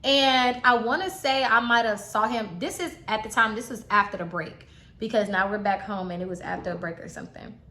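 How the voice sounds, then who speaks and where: A young woman chatting casually to her viewers as she tells a personal story, animated and talkative. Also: medium pitch, fairly quick. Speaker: vlogger telling a personal story. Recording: roomy echo.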